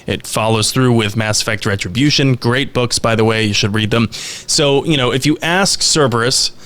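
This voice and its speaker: A man hosting a podcast, explaining game lore in a steady storytelling way. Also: mid-range voice. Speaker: podcast host.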